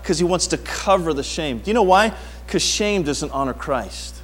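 A middle-aged preacher delivers a sermon in a fairly high voice. He tells stories with lively, sweeping energy, dropping to quiet asides and then climbing to loud, urgent peaks. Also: moderate pace. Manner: animated storytelling, swings from quiet to near-shouting. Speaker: pastor.

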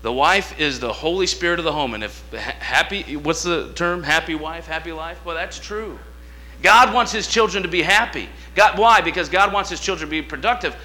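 Bright-voiced folksy preacher man. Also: a little high, normal speed. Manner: folksy, animated, swings between quiet asides and loud emphatic lines. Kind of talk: sermon with storytelling.

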